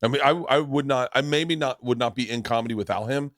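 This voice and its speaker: A man in his forties hosts a podcast in easy, casual conversation, telling rambling stories full of acted-out voices and swearing. His voice sits at an ordinary middle pitch. The studio sound is dry and close. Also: fast talker, no echo. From Tampa, Florida. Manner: animated storyteller, acts out voices and swears freely. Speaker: podcast host.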